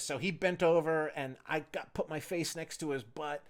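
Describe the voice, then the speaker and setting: A man's voice: a little high, fairly even intonation, a little fast. A man in his forties hosting a solo podcast, telling stories in a loose, profane, chatty way. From United States. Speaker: podcast host. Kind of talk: rambling solo podcast storytelling.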